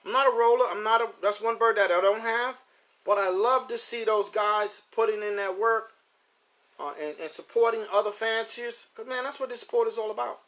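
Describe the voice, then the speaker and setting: High-pitched middle-aged guy hosting a pigeon stream, rambly, repeats himself a lot. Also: moderate pace, fairly bright tone. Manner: rambling, repeats words, chats with viewers. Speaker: host of a pigeon racing show. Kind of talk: casual live-stream chat. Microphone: phone or computer mic.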